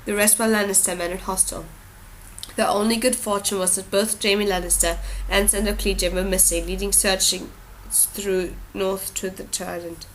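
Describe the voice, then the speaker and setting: A woman narrating an audiobook in a steady, even storytelling manner. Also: medium pitch, normal speed, slight background noise, rough recording. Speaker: audiobook reader.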